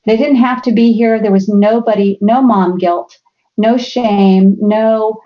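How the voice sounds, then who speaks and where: A middle-aged woman telling lively family stories as a podcast guest, acting out the voices of her family. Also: mid-range voice, unhurried, lo-fi sound. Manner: animated storyteller, acts out family members' voices. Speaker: guest speaker. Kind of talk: storytelling in a podcast interview.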